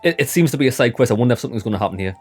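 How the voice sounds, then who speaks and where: Bloke narrating his game playthrough, jokey and chatty, talks to the lads, mid pitch. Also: expressive, very fast, husky, soft background music. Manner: chatty, joking, addresses viewers as lads. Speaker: gaming channel host. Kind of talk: casual gameplay commentary.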